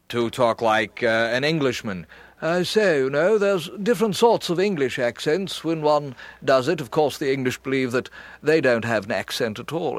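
A man casually explaining English accents, pausing with frequent fillers. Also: on the high side, no room sound. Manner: casual, halting.

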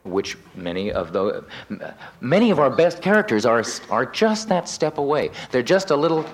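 Man, advice on character voices, expressive intonation. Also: mid-range voice, normal speed. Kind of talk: advising on technique.

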